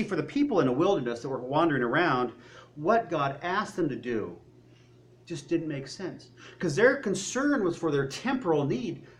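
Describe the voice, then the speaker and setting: Animated male preacher, lively pitch. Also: slight background noise. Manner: animated, acts out voices of worried people and God. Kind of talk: sermon.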